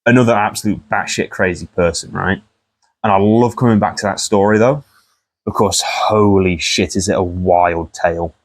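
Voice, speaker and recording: A man's voice: low-pitched, fairly even intonation, moderate pace. A young man rambling casually through a profane commentary vlog, often laughing at the story.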